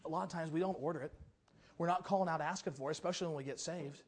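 Man, pastor, sermon, high voice, lively storytelling, quiet then loud. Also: rapid-fire. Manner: animated storytelling preacher, swings between quiet and loud.

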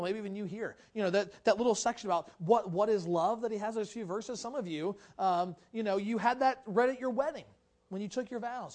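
A pastor preaching a sermon to a congregation, talking in a conversational way with casual asides, reading scripture aloud and building to shouted exhortation. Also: medium pitch.

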